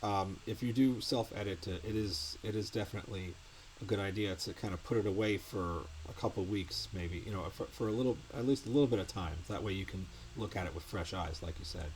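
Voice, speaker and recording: A man hosting a casual interview, speaking in a halting, hesitant way and relaying audience comments. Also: fairly low pitch, a little hiss or hum. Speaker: interview host.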